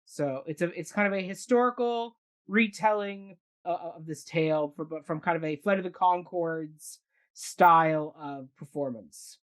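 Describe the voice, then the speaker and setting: A woman's voice: fairly low pitch, moderate pace. A woman hosting a casual arts talk show, introducing guests with enthusiasm. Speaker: host. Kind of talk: casual chat.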